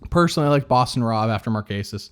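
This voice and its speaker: A man's voice: medium pitch, lively intonation, racing, fairly bright tone, clean tone. A man co-hosting a podcast, talking in a rambling way with many fillers and restarts. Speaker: podcast co-host. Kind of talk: casual chat.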